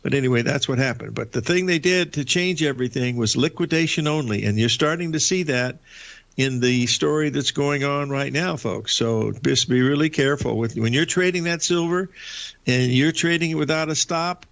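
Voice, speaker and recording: An older man with a gravelly, creaky voice tells a long, folksy anecdote as a show host. He rambles, restarts his sentences and turns aside to address his audience. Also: medium pitch, normal speed, fairly bright tone. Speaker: radio show host and veteran trader.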